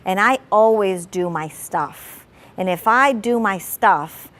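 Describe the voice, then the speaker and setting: A woman family therapist talking candidly about parenting, animated and full of "like", acting out her own past anger. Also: mid-range voice.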